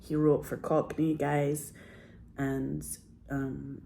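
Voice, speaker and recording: A woman's voice: sits low, little pitch movement, very slow, vocal fry, warm tone, slight background noise. A woman who is a filmmaker, telling a personal story in a casual, earnest, rambling way full of fillers and restarts.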